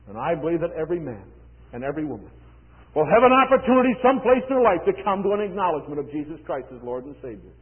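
A man preaching an evangelistic sermon, swinging between loud exclamations and hushed, low asides. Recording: tinny old phone-line sermon recording with long reverb.

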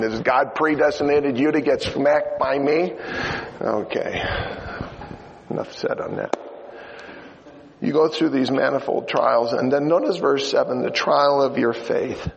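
Preaching in a reverberant hall, an older man who serves as pastor recounts an emotional story and asks his audience questions. His voice is medium-pitched and creaky, captured in a lo-fi recording with faint background noise.

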